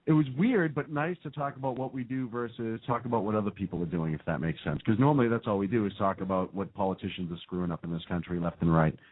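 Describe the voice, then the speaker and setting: Boston-accented man hosting talk radio. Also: mid-range voice. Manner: rambling, self-deprecating, laughs often. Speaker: radio show host. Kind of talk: casual banter on a talk radio show. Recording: phone-like narrow band.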